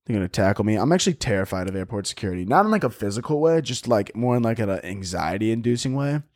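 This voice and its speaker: A young man hosting a podcast, talking in a rambling, profane comedic monologue into a studio mic on a boom arm. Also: lively intonation, fast talker, dry recording. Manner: rambling, profane, acts out stories in voices. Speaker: podcast host.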